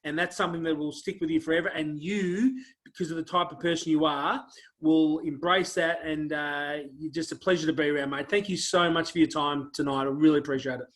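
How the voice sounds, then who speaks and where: A man's voice: on the high side, fairly even intonation, brisk. A man hosting an interview show, talking casually and heaping praise on his guest with lots of fillers. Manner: effusive, warm praise, many fillers.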